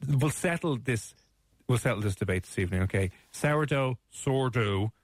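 A man's voice: lowish voice, expressive, fast talker, husky, dry recording. A man with an Irish accent hosting a radio show, teasing his co-host in casual, playful banter. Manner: teasing, playful, mock-outraged.

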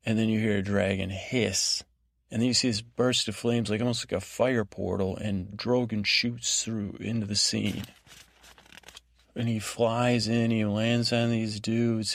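Male sleep-podcast host, low gravelly voice, dry close sound, wandering halting recap. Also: no echo. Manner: meandering, halting, full of restarts and asides. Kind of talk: rambling bedtime recap of a TV episode.

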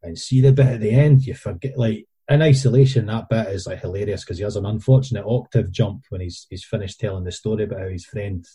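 A man's voice: on the low side, fast talker, few pauses, warm tone, slightly rough. A Scottish man telling rambling stories in casual chat, with frequent restarts.

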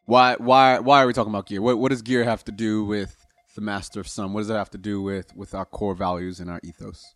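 A man co-hosting a podcast in casual chat, playful and quick to joke and digress. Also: lowish voice, flat delivery, a bit bright, no echo, soft background music. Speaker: podcast co-host.

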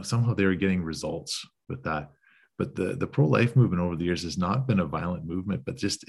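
A man with a very deep voice hosts a casual interview. He winds through long, rambling questions, often circling back before getting to the point. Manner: rambling, many fillers and restarts. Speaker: podcast host.

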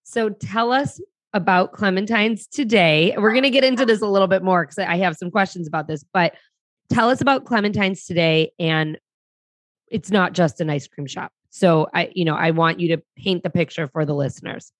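A woman's voice: lowish voice, moderate pace, no room sound. A woman hosting an interview, asking short questions and prompting her guest. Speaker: podcast host.

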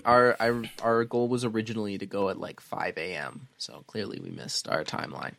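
A man playing in a tabletop game, joking and often halting mid-phrase. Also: fairly low pitch, gravelly, a bit bright, no room sound. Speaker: player.

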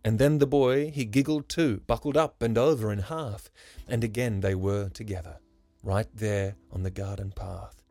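A man narrating a rhyming story in a measured, lyrical way. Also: on the low side, darkish tone, no echo. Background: faint music.

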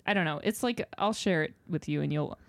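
A young woman with a slightly low voice recounts a dating mishap on a podcast, quoting both sides with "he's like" and "I was like". She speaks dry and close to the mic, in plain room-free sound. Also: a little fast, creaky, dry recording. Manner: storytelling, quotes others, valley-girl fillers. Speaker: podcast co-host. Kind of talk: casual chat.

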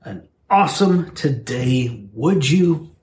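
A man's voice: mid-range voice, expressive, slow pace, darkish tone. A man co-hosting a casual podcast about faith, talking in a playful way with joking asides. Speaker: podcast co-host. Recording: roomy echo, faint room noise.

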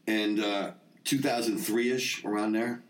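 A man's voice: fairly low pitch, steady tone, slow, distant mic, slight background noise. A man in his forties, hosting a podcast and telling stories in a laid-back, profane way, laughing often. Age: 40s. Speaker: podcast host. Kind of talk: casual storytelling chat. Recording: roomy, off-mic sound.

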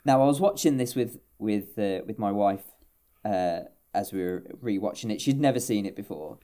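A man's voice: on the low side, moderate pace. A man co-hosting a casual film podcast, retelling scenes with enthusiasm and acted-out quotes. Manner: animated storyteller, acting out quotes with laughs. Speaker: podcast co-host.

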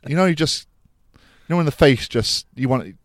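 Brief: jokey podcast co-host, animated delivery, dry mic. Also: male voice, medium pitch, moderate pace, no room sound. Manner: teasing, joking. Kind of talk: casual banter.

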